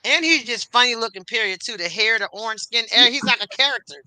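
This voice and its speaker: A woman co-hosting a podcast in casual chat, frank and mocking in an animated way. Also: fairly high pitch, fast talker, dry recording, low-quality recording. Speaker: podcast co-host.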